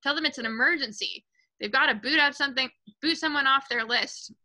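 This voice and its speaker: A woman reading aloud, voicing a vain, blustering father who yells indignantly and panics over his hair. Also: high-pitched, brisk, pitched above the performer's own voice. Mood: bossy. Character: blustering middle-aged father, vain car salesman.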